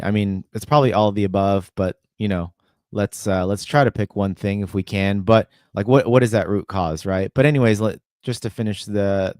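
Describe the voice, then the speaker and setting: A man's voice: lowish voice, a little mellow, no echo, clean studio sound. A man co-hosting a sports podcast in casual chat, analytically walking through stats with frequent fillers. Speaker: podcast co-host.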